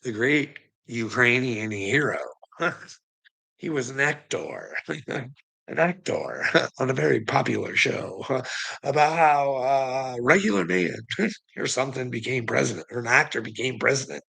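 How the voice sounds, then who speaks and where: A man's voice: mid-range voice, animated, unhurried, vocal fry, bright, forceful tone, breathy edge. A man ranting casually to his chat, swearing often, laughing constantly and calling people bud in a mocking, teasing way. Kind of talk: casual profane rant to chat.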